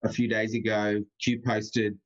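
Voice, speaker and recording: An Australian man talks as a guest on a live stream, earnest and emphatic. His voice sits low. The sound is dull and lo-fi. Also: little pitch movement, a little slow. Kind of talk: casual live-stream chat.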